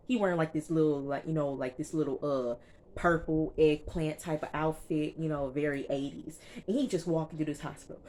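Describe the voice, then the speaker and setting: A woman giving a casual, animated recap of a TV episode, talking straight to her viewers and checking in with them often. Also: low-pitched, normal speed, a little hiss or hum. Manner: chatty and animated, keeps checking in with listeners. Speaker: TV reviewer.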